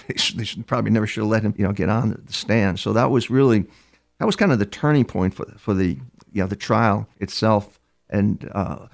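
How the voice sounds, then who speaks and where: An older man, a criminal profiler guest in an interview, telling stories conversationally with frequent restarts and repeated words. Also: medium pitch. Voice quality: gravelly. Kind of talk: conversational storytelling.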